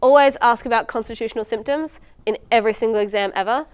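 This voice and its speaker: A woman's voice: on the high side, fast talker, clean tone, no room sound. A young woman in her twenties, a medical student giving a casual exam-prep lecture, chatty and full of ums and likes. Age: 20s.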